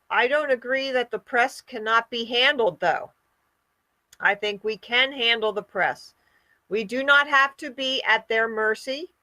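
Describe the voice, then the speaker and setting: A woman leads an online group call at a deliberate, unhurried pace. Her voice is bright and high, and she sounds close and dry, with no room around it. She talks earnestly, as if laying out points one by one. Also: no echo. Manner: slow, earnest, lecturing. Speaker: host of an online hangout. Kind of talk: casual group chat.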